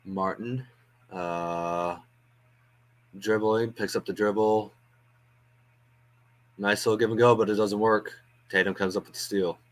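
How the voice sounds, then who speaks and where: A man's voice: on the low side, fairly even intonation, a little slow, long pauses. A man hosting a fan watch-along stream, giving casual live play-by-play with chatty asides, frequent ums and uhs.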